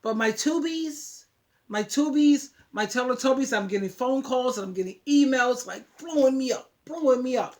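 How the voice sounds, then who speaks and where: A woman's voice: high voice, animated, moderate pace, darkish tone. A woman giving emphatic, preachy relationship advice straight to her viewers, often repeating words. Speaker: advice vlogger. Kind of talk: casual talk to camera.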